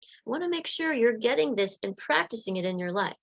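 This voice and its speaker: Animated woman coaching on a livestream. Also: on the high side, gravelly. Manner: animated, acts out example dialogue in quick voices. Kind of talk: Facebook Live coaching talk.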